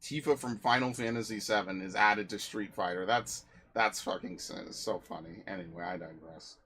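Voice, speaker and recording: A man's voice: on the low side, normal speed, bright, forceful tone, a little hiss or hum. A man streaming games, chatting casually and ranting with a lot of swearing. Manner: profane, ranting, exasperated. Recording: music behind voice.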